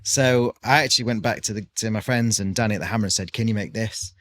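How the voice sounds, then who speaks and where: Guest caterer, British man in his 40s, low voice, rambling and chatty, lots of ums. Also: fast talker, fairly bright tone. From United Kingdom. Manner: rambling, chatty storytelling with many fillers. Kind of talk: casual podcast chat.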